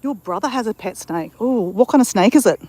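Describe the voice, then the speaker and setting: A woman's voice: mid-range voice, lively intonation, a little fast, warm tone, dry recording. A woman chatting on a live stream while out on a bush walk, rambling and greeting viewers in the chat, on a handheld phone mic. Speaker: vlogger.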